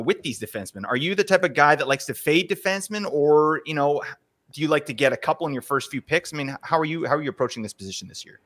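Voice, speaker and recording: A man's voice: fairly high pitch, a bit bright. A man hosting a fantasy sports podcast, chatting casually with upbeat, joking banter. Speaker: podcast host.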